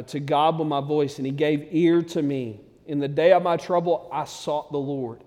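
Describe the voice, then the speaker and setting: A man preaching a sermon, talking plainly to his flock, then building to loud, excited peaks. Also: a little high, in a large hall. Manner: conversational preaching that swells to loud, excited climaxes. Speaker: pastor.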